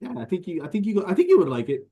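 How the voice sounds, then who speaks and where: A man in his forties with a Hawaiian Pidgin English accent, hosting a casual chat in a relaxed, storytelling way. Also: sits high, very fast, narrow, tinny audio. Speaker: host.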